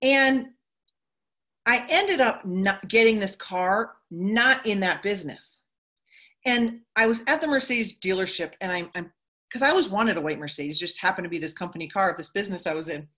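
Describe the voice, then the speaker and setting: A middle-aged woman giving a motivational talk to a group, telling stories and acting out quotes with big jumps in her voice. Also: normal speed. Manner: animated storytelling, acts out quotes with big pitch jumps. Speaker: motivational speaker.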